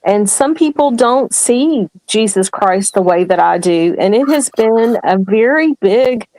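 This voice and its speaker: A woman's voice: on the high side, expressive, measured pace, warm tone, no echo, rough recording. A woman speaking as a guest on an online panel, earnest and pleading, her voice close to tears as she defends her faith. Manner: earnest, pleading, tearful at times. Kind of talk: emotional call-in talk.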